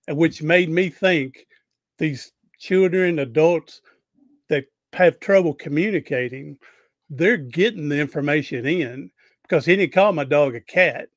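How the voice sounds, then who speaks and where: A man's voice: a little high, measured pace, no room sound. A man hosting a podcast interview, telling rambling, folksy anecdotes with frequent restarts. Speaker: podcast host. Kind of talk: casual interview storytelling.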